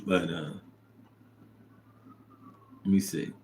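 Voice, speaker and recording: A man hosting a casual livestream, reading viewer comments aloud and reacting with animated, chat. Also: very slow. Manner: animated, drops to low mumble reading comments.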